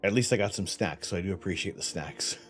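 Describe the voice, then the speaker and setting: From his home setup during night imaging, a man hosts a live stream, chatting casually and rambling while sighing often, his tongue and lips numb. He speaks fast in a low voice, with faint music in the background.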